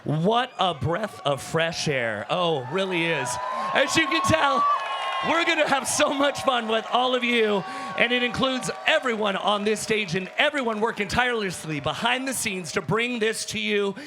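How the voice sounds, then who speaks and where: A man working as hype host on a convention show floor, enthusiastic and loud as he greets fans. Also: high voice, animated, moderate pace, background noise. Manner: enthusiastic, hype, shouting to crowd. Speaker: hype host, roaming reporter. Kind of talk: energetic crowd interviewing.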